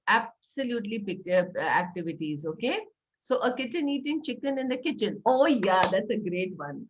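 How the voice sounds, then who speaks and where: A middle-aged woman with an Indian English accent talks parents through early phonics games. She is enthusiastic and slows down to model words and sentences. Her voice sits in a middle range, and the recording sounds a little dull. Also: mid-range voice. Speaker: early-years educator and author. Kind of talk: talk for parents.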